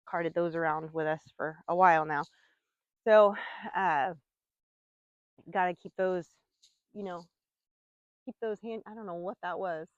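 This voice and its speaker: A woman in her forties chats to her vlog audience while doing chores outdoors on a farm. She rambles easily from one thought to the next and drops into soft cooing when she talks to her animals. The sound is close and dry, a little dull, and her voice sits at an ordinary middle pitch. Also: no room sound. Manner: rambling, chatty, coos softly to her animals. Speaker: vlogger. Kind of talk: casual chat.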